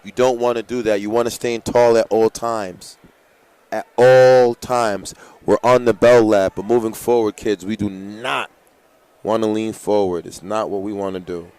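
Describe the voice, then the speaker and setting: A man's voice: lowish voice, normal speed, clear, resonant tone, dry recording. A man announcing a live track meet, hyping runners, reading out heats and giving coaching tips. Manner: excitable, hypes runners and gives coaching tips. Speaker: race announcer.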